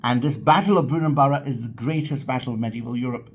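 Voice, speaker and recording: A man's voice: mid-range voice, fast talker, slight background noise. Rambling enthusiastic man talking history. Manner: rambling, enthusiastic, frequent restarts. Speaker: channel host, history enthusiast. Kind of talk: casual talk to camera.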